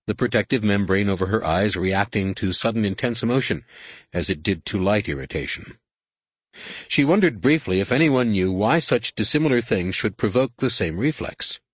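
A man narrating a science fiction audiobook in a measured, steady way. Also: lowish voice, slightly rough, dry recording. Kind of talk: scripted sci-fi narration.

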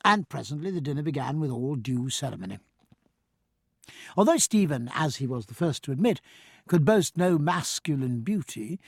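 A male audiobook narrator reads with a lively, rising and falling delivery. His voice is slightly husky, and the close recording is dry with no room sound. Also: a little high, dry recording. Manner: measured, expressive storytelling. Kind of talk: scripted narration.

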